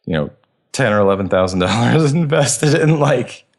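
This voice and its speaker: A man co-hosting a podcast in casual chat, relaxed and agreeable, laughing along with his partner. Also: mid-range voice, normal speed, gravelly. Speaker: podcast co-host.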